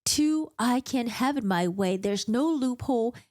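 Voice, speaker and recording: A woman's voice: fairly high pitch, expressive, unhurried, darkish tone. A woman voicing an arrogant, annoyed male fae emissary who speaks with a haughty, irritated tone.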